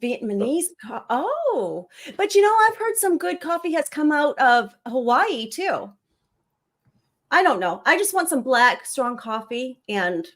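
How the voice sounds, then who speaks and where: A woman's voice: sits high, a bit bright. A middle-aged woman chatting as a guest on a livestream, rambling casually with laughs and fillers.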